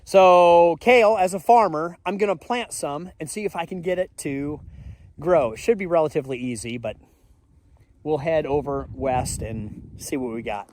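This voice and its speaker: High-voiced chatty farmer man outdoors. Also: moderate pace, a little mellow, a little hiss or hum. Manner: chatty, explains as he goes, drifts off topic. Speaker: farmer vlogger. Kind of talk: casual outdoor farm vlog. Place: outdoors in farm fields.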